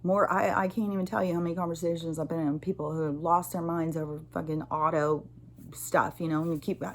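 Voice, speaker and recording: An American woman with a lowish, brisk voice talks casually to camera as a spiritual vlogger. She swears freely, ranting and animated as she vents and reflects in her monologue.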